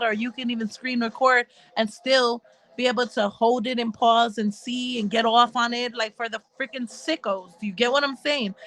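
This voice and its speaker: High-voiced woman, heated rant. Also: fairly bright tone, rough recording. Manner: heated, repetitive, talks straight to viewers with religious asides. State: crying. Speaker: commentary vlogger. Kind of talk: emotional casual rant to viewers.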